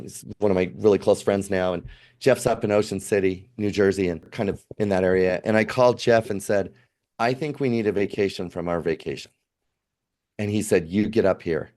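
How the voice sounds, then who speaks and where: Lively middle-aged man telling a story. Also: fairly low pitch. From United States. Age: 50s. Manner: animated storyteller acting out quoted dialogue. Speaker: podcast guest. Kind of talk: casual storytelling.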